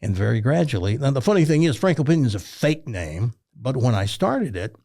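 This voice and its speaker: A man in his seventies from Tennessee, a retired radio talk host, telling stories in an interview with animated delivery. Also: mid-range voice, brisk, creaky. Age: 70s. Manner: animated storyteller, jumps into other voices. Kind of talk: storytelling interview.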